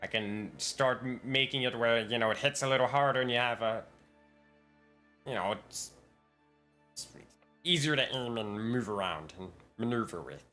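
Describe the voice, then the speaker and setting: A man's voice: mid-range voice, moderate pace, pushed and bright, faint music behind. A man running a tabletop role-playing game over voice chat, stammering and laughing as he explains things. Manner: stammering, laughing, restarts often. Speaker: game master.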